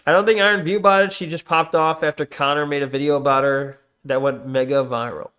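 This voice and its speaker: A male streamer with a slightly high voice talks casually as he goes through chat. He breaks off often, restarts sentences and keeps telling viewers to hold on. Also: fairly even intonation, a little fast, a bit bright. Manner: distracted, reads chat aloud, many restarts and "hold on"s.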